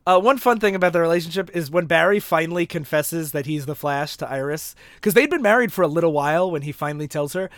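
A man with a high voice hosts a casual chat about comics. He retells the stories with quick laughs and little acted-out quotes. The sound is dry and close, with no room. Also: a bit bright, no room sound. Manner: laughs while retelling plots, acts out quotes. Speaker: podcast host.

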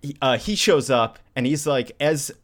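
A man's voice: on the high side, normal speed. A man hosting a casual podcast chat, recapping a story and laughing often. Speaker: podcast host.

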